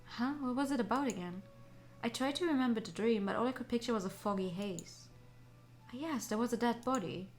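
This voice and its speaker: A woman on a gaming stream, reading a visual novel aloud with excitable, giggly reactions. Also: a little high, brisk, faint music behind. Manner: excitable, giggly, swears casually.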